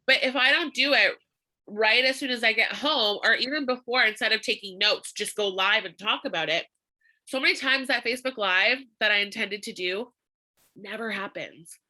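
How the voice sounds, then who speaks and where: A woman's voice: on the high side, normal speed, bright, forceful tone. A woman leading a live online social media training, upbeat and emphatic, laughing often as she talks.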